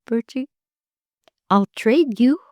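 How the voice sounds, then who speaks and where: A woman's voice: fairly high pitch, expressive, slow, dark tone, no room sound, clean studio sound, pitched above the performer's own voice. An older woman voicing her scheming young brother, coaxing and matter-of-fact.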